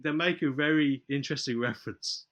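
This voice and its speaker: A man's voice: fairly high pitch, a little fast, highs cut off. A man casually retelling a film plot on a podcast, acting out the characters' lines as he goes. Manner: animated retelling, acts out movie lines.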